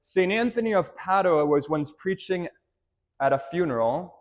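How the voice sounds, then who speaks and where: Priest preaching in a church, chatty storyteller, slightly high male voice, keeps asking "right?". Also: lively intonation, moderate pace. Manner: conversational storytelling, frequent "right?" tag questions; addresses children directly with simple questions. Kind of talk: homily to a parish congregation.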